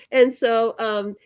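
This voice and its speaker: A woman hosting an online show, chatting casually as she signs off, halting with many fillers and frequent laughs. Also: on the high side. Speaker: show host. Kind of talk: casual live-stream sign-off chat.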